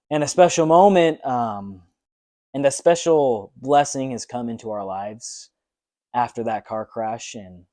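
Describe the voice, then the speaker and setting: A man's voice: medium pitch, a little slow, warm tone, no room sound, studio quality. A young man talking earnestly in a personal fitness vlog, motivational and full of ums. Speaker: fitness vlogger.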